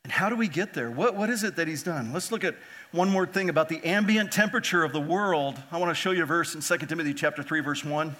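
A man preaching a sermon as pastor, lively and animated, often putting rhetorical questions to his listeners. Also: fairly high pitch, fast talker.

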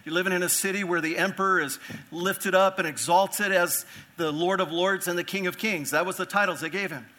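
A man's voice: sits high, steady tone, fairly quick, pushed and bright. A man preaching an earnest expository sermon as pastor, asking rhetorical questions and repeating phrases for emphasis.

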